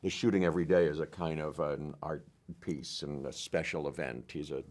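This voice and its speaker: Low-voiced, halting male actor. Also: steady tone, a little mellow. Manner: halting, searching for words.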